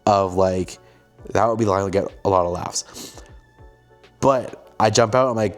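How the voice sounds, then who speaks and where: A young man hosts a casual storytelling talk in a slightly low voice. He tells it with animated energy and jumps into little acted-out quotes. Faint music sits underneath. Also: normal speed, pauses often. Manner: animated, acts out quoted lines. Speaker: host, filmmaker.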